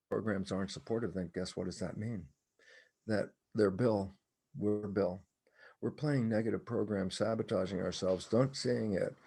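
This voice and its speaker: An older man, a cell biologist guest on a podcast, explaining his ideas in an animated storytelling way and acting out both sides of his imagined dialogues. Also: husky. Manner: animated storytelling, acts out his own dialogue with sudden high bursts. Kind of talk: conversational explanation in a podcast interview.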